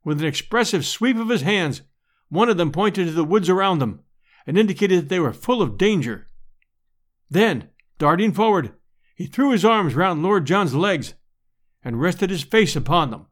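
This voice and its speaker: A man reading an adventure audiobook in a measured, expressive storytelling manner. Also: sits high. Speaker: audiobook narrator. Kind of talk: audiobook narration.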